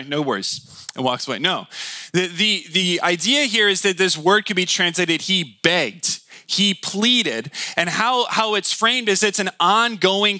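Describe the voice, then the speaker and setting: A man's voice: a little high, bright, forceful tone, no room sound. A man in his thirties preaching a conversational sermon, often asking the listeners questions. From Michigan. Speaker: pastor.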